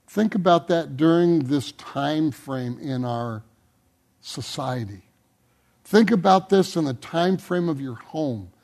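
High-voiced pastor man preaching slow, pushes up on repeated words then drops soft at the ends. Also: gravelly. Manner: emphatic, building intensity on repeated words. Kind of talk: sermon.

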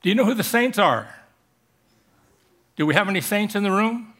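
Guy pastor preaching, kinda high voice, jokey storytelling, leans hard on key words. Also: expressive, a bit bright. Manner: joking, storytelling preacher with emphatic slowed phrases. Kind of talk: sermon. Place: church service.

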